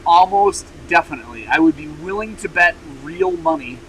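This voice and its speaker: A man hosting a motorcycle channel in casual rambling vlog chat, frank and frustrated, with lots of fillers and throat clearing, recovering from an injury. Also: high-pitched, huge pitch swings, normal speed, slight background noise, rough recording. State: recovering from injury, wearing a brace.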